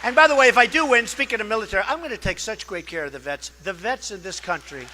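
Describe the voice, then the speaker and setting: At a fundraising dinner, a male political candidate gives a boastful, repetitive campaign speech, wandering into asides and acting out quoted exchanges in a conversational way. His voice sits high and sounds animated and fast, over crowd and background noise.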